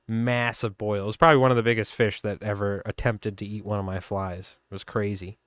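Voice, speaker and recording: A man with a Long Island accent hosts a livestream and chats loosely, telling one story after another with plenty of laughter. His voice is smooth and clear. It sounds close and dry, recorded on a desk mic at his streaming setup. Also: on the low side, fairly quick, no room sound. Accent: Long Island New York. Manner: rambling, laughing, animated storyteller. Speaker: fly tying livestream host. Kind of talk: casual storytelling chat.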